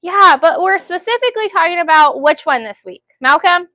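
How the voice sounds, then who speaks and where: A woman teaching a phonics lesson to young students in a classroom, loud and energetic, calling on children by name. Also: very high voice, normal speed, dry recording.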